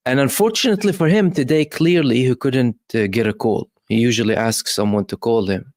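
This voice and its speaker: A man hosting live news commentary, pausing on many fillers and asking emphatic rhetorical questions. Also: medium pitch, darkish tone, no room sound, clean studio sound. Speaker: host.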